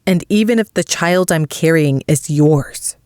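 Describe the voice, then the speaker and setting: A woman's voice: deep voice, measured pace, darkish tone, dry recording, clean studio sound. A woman voicing a protective young alpha man who speaks firmly and coldly. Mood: stern. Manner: firm, cold and stern.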